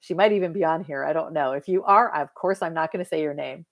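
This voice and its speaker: A woman hypnotherapist chatting casually to viewers on a live stream, lively and talking straight to her audience. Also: low-pitched, fast. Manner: chatty and lively, addresses viewers as "you guys". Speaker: hypnotherapist and mentor.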